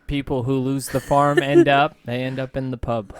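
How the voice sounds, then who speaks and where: A man co-hosting a casual family podcast, teasing and quick with quips. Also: mid-range voice, level tone, smooth, no echo. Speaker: podcast co-host. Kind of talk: casual chat.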